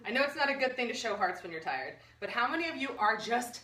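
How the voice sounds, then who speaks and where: A woman's voice: a little high, sing-song, fast talker, hardly any pauses, pushed and bright, echoey room, recorded from a distance. A woman nutritionist hosting a live online health workshop, bubbly, jokey and full of energy. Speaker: nutritionist host. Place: room under bright lights.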